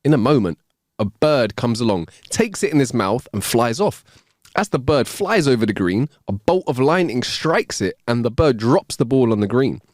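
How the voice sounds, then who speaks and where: A man co-hosting a podcast, reading jokes aloud in an expressive, casual way. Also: moderate pace, no echo, clean studio sound. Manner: expressive reader, swings pitch widely. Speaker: podcast co-host. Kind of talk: casual joke-telling chat.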